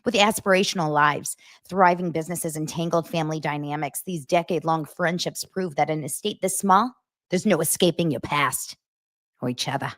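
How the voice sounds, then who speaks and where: A woman's voice: sits low, normal speed, a bit bright, no echo, clean studio sound. A woman voicing a hammed-up promo announcer with a mock Rhode Island accent, read in an exaggerated, stumbling way. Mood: hammy. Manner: exaggerated, stumbling, self-mocking.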